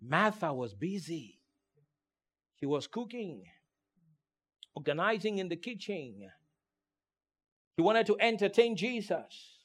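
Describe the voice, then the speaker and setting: A man preaching a sermon as pastor. He is emphatic, calls out for responses from the congregation, and swings from hushed to loud delivery. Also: high-pitched, very animated, slow pace, long pauses, breathy edge. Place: church in Turkey.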